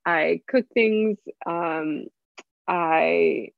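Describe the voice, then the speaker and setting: A woman's voice: lowish voice, extremely slow, vocal fry, dry recording, narrow, tinny audio. Candid, laughing woman chef from San Diego. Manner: candid, rambling, laughs often and swears. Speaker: guest chef. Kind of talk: casual conversational interview.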